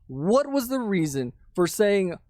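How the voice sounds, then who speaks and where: A man with a fairly high voice rants into a pop-filtered mic. He is sarcastic and indignant, and he swears freely. The sound is dry and close, with no room around it. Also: sing-song, slow pace, a little mellow, no room sound. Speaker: commentary channel host. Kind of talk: ranting commentary. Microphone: studio mic with pop filter.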